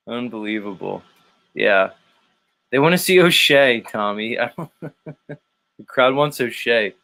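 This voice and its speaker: Man, livestream host, casual chat, laughs a lot, swears, mid-pitched voice. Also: expressive, slow, creaky, long pauses, pushed and bright. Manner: laughing often, reading chat aloud, swearing.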